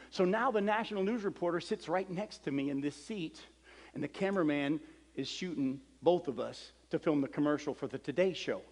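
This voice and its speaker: A middle-aged man preaches with an animated storytelling voice, a bit high for a man. He acts out each character as he goes. His voice rings with a long hall reverb. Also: brisk. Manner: animated storyteller acting out dialogue. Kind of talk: storytelling sermon.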